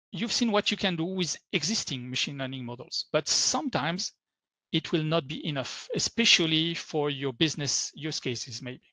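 French-accented male presenter, lively tech talk, higher voice, dry sound. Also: no room sound. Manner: upbeat, keeps saying super and so. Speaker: workshop presenter.

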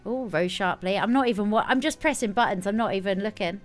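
A woman streaming a video game live, chatting casually with sudden excited squeals. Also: medium pitch, quick pace, faint music behind. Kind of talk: casual live gameplay commentary.

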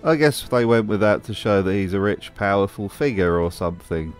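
A man narrates a scripted commentary in a dry, sarcastic way. His voice sits slightly low, with faint music running underneath. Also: animated, brisk. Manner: wry, sarcastic. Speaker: host.

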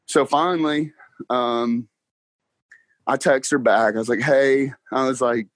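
A man's voice: medium pitch, no room sound. Young man, casual interview guest, laughing storyteller, dry close sound. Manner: excited, laughs often, talks fast with "like" and "bro". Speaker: guest car salesman.

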